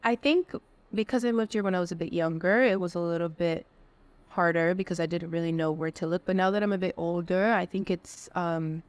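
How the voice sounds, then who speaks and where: A woman's voice: fairly low pitch, fairly even intonation, brisk. A young adult woman answering interview questions casually, with many fillers.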